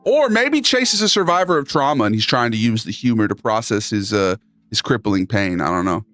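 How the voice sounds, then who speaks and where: A man's voice: lowish voice, animated, brisk, fairly bright tone, dry recording, faint music behind. A man hosting a live stream, chatting casually with his chat in a laid-back, sarcastic, slangy way. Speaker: livestream host reading chat.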